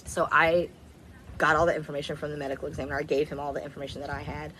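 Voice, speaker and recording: A woman with a low voice tells a personal story in a loose, rambling way. She is blunt and candid, and she swears without holding back. A faint hiss of noise sits behind her. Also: little pitch movement, very fast. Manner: rambling, repeats herself. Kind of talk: casual storytime vlog.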